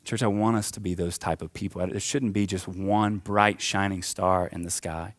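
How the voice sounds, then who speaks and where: A man's voice: deep voice, steady tone, normal speed. A young adult man preaching a sermon in a church, impassioned and building in waves, then easing into casual, chatty asides. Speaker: pastor. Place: church auditorium.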